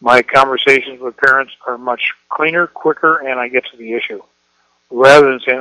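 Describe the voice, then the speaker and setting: Folksy midwest-raised principal guy, bright tone, dry close mic. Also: medium pitch, normal speed, no echo, low-quality recording. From Iowa. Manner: folksy storyteller, acts out quoted voices. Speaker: school principal. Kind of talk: presentation to educators.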